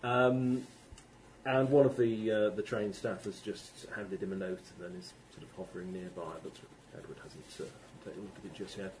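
A man running a tabletop role-playing game, narrating with many pauses and fillers. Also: lowish voice, steady tone, a little mellow, slight background noise. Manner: hesitant, many ums and restarts. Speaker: game master.

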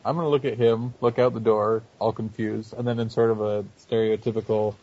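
A man's voice: lowish voice, level tone, a little fast. A man playing a tabletop game over a voice call, casual and laid-back. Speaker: player. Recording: dull lo-fi voice call audio.

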